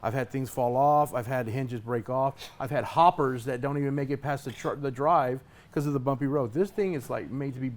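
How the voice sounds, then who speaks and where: A man's voice: mid-range voice, fairly quick, hardly any pauses. A man who competes as a pitmaster, talking in a casual interview with an emphatic, hyped-up delivery and repeated words.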